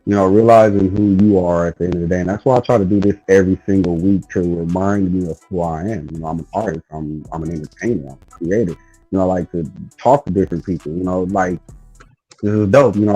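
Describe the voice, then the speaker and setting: A man hosting a podcast in relaxed casual chat, rambling and saying "you know" a lot. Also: low voice, fairly quick, soft background music, poor audio. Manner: laid-back, rambling, with lots of "you know". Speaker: podcast host.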